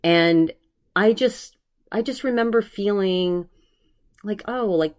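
A woman's voice: mid-range voice, slow, a little mellow. A woman hosting a solo podcast, talking earnestly and rambling with many restarts, emotional while recovering from covid. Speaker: podcast host.

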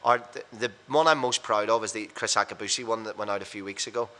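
A man with a bright, forward voice tumbles through blunt, self-mocking stories at high speed. He sits a touch low in pitch, chatting casually as a podcast guest. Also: steady tone, fast talker. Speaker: radio presenter and podcast guest. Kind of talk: casual storytelling chat.

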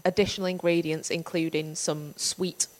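A woman's voice: on the low side, flat delivery, moderate pace, low-quality recording. A woman in a casual chat, making dry, wry remarks. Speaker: podcast guest.

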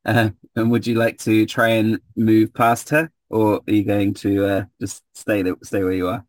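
A man narrating a tabletop game as game master, relaxed and hesitant, filling pauses with ums. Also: on the low side, dry recording.

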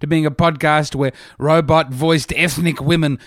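A man hosting a podcast, talking through a casual comedic monologue in an animated, self-mocking way. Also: a little high, normal speed, dry recording, studio quality.

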